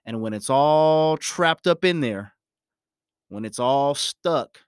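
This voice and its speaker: A man delivers an emphatic motivational talk and drives his points home by repeating them. His pitch swings widely and expressively. The recording is dry, with no room echo. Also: expressive, slow, clean tone. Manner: repetitive, emphatic, preachy. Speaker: motivational speaker.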